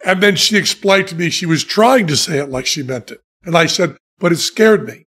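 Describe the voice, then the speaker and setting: A man telling funny stories in casual chat, deadpan and self-mocking, laughing at his own jokes. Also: fairly high pitch, a little fast, breathy edge. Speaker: podcast guest telling stories.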